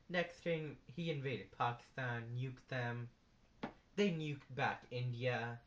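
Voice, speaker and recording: A teenage boy performing a stand-up comedy routine with a boastful, deadpan delivery and slangy asides, recorded on a phone. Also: mid-range voice, normal speed, muffled recording, slight background noise. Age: late teens. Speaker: student comic. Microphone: phone camera in the audience.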